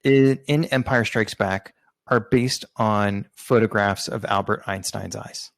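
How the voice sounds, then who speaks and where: Man, podcast co-host, low voice, gravelly, halting casual explanations. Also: no room sound. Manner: hesitant, many fillers and restarts while explaining. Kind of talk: casual chat.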